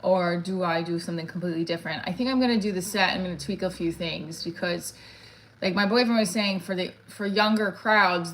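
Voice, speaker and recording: A woman's voice: medium pitch, fairly bright tone. A middle-aged woman, a comedian, chatting casually on a livestream, rambling and reading viewer comments aloud.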